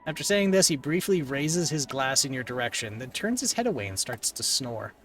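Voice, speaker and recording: A man's voice: mid-range voice, fairly quick, far from the mic, faint music behind. A man streaming a text game, reading the narration aloud with joking asides. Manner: animated, joking.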